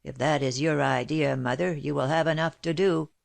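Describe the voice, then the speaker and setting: A woman's voice: low voice, steady tone, normal speed, creaky, no room sound. A woman reading aloud, voicing a coarse, impatient male wagon driver with a thick voice.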